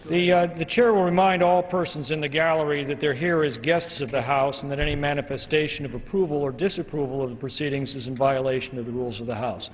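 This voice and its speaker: Brisk man presiding in a chamber. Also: on the high side, steady tone. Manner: brisk, formal. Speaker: presiding officer. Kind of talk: formal procedural announcements. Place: large legislative chamber. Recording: dull broadcast audio in a long-reverb chamber.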